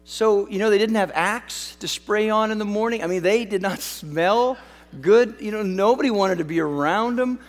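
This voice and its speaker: A pastor from Western Canada with a high, light voice preaches in a loose, conversational way and pokes fun at himself as he tells a childhood story. His words ring out with a long reverb, as if in a large church hall. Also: moderate pace. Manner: conversational storytelling with self-deprecating humor. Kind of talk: sermon.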